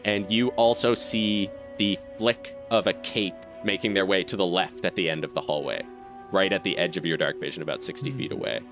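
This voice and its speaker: Deep-voiced male game master. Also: over music. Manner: descriptive, measured narration. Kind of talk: narrating a tabletop game.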